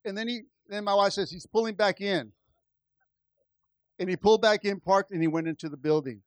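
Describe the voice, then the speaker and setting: Animated male pastor telling a story. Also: high-pitched, a little fast, dry recording. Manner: animated, acts out dialogue in his story. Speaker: pastor starting a church. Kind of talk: storytelling testimony.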